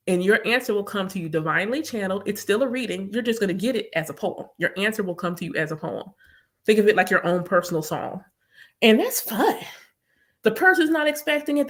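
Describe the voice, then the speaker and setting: A chatty woman spiritual reader talks casually to her viewers. She is emphatic and keeps repeating her points. Her voice sits at an ordinary middle pitch. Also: a bit bright. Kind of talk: casual live chat to viewers.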